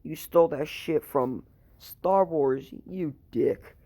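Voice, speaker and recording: A man's voice: a little high, slow, dark tone. A man doing a crude, indignant young hero. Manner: blunt, swearing retorts.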